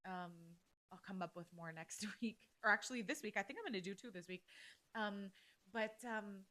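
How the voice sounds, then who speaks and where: A woman's voice: mid-range voice, normal speed, pushed and bright. A woman hosting a casual solo podcast, ranting bluntly and heatedly with plenty of swearing. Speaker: podcast host.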